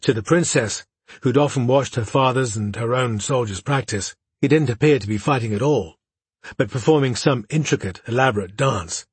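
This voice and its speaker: A man narrating a fantasy audiobook in a steady, even storytelling voice. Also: mid-range voice, normal speed, breathy edge, no echo.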